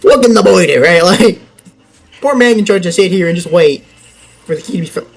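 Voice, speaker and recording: Young guy doing let's play commentary, high voice that bounces all over, goofy and rambly. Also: expressive, fairly quick, creaky, rough recording. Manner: rambling and jokey, talks to himself and the game. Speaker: gaming channel host.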